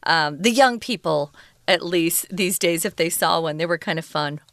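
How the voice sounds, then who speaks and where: Smooth-voiced woman teaching English. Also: lowish voice, normal speed, a bit bright, no room sound, clean studio sound. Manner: explains word usage patiently with fillers. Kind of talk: conversational language lesson.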